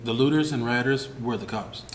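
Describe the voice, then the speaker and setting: A man's voice: mid-range voice, fairly quick, slight background noise. Wry man asking probing questions. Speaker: podcast co-host. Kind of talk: casual podcast discussion.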